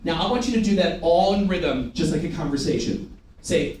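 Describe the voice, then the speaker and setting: A man's voice: high-pitched, expressive, a little fast, noisy background. A man leading a live sales training seminar, drilling an audience in call-and-response and teasing them with jokes. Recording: very echoey room, mic at a distance.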